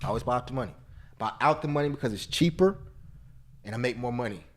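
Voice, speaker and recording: A man teaching a live options trading class, excitable and repetitive, talking straight to his viewers and breaking into snatches of song. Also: medium pitch, quick pace, slight background noise. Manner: sings snatches of love songs.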